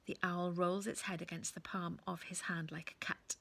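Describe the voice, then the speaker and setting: A woman reading a children's book aloud in a gentle, often hushed storytelling manner. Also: lowish voice, level tone, moderate pace, creaky.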